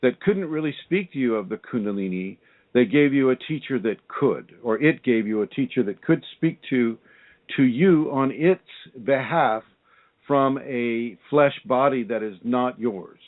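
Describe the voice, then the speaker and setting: A man's voice: mid-range voice, expressive, unhurried. A man hosting a radio interview, asking probing questions over a tinny phone line. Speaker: radio show host and spiritual teacher. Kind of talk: interview on a call-in radio show.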